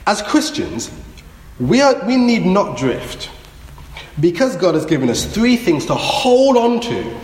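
Preacher, lively rising-and-falling sermon delivery, long church reverb, faint noise. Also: male voice, high voice. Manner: earnest, exhorting, repeats key phrases.

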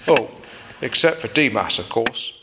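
A man's voice: mid-range voice, expressive, unhurried, very noisy, voice pushed down, close to an everyday voice. A man voicing a curious, gossipy male Roman prison guard with a put-on accent. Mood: chatty.

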